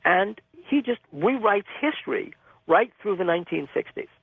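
Gravelly man telling stories over a phone line. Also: high voice, moderate pace, no echo. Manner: animated, vivid storyteller. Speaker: guest, magazine publisher. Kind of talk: storytelling interview answers. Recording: phone-line call-in audio.

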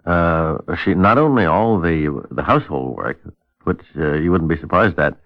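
A man hosting a radio discussion, reading a scripture passage in a measured, old-fashioned cadence on a dull old radio recording. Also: very deep voice, expressive, no echo.

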